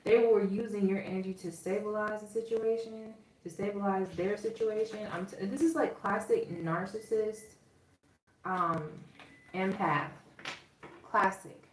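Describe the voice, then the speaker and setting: A woman with a Southern drawl talks her viewers through a tarot reading, chatty and emphatic. Her voice sits at an ordinary middle pitch. She sounds set back from the mic in an echoing room, with faint noise underneath. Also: unhurried. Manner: chatty, emphatic, checks in with "okay?" often. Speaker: tarot reader. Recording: roomy echo, distant from the mic.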